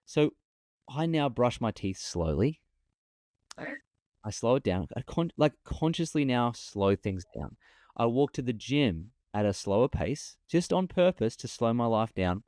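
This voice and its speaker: A man talking as a podcast guest over a remote call, an animated storyteller who often repeats himself. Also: medium pitch, unhurried, no echo. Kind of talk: casual interview talk.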